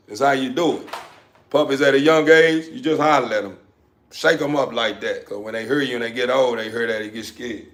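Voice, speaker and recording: A man's voice: medium pitch, fairly quick, a bit bright. A man casually chatting on a live stream while he handles his dogs, speaking in a laid-back drawl, repeating phrases and now and then hollering sharply at them. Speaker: dog breeder. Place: indoors with dogs around. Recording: echoey room with faint noise.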